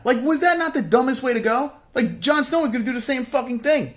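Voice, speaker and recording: A man's voice: extremely high pitch, lively intonation, fairly quick, few pauses, fairly bright tone. A man co-hosting a casual livestream, reading chat messages and rambling about a TV show with constant swearing and mocking jokes.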